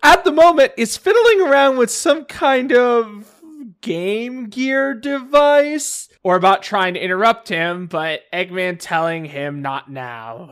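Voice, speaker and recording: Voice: medium pitch, animated, takes it slowly, smooth. A podcast co-host casually recapping a comic story with wry comments.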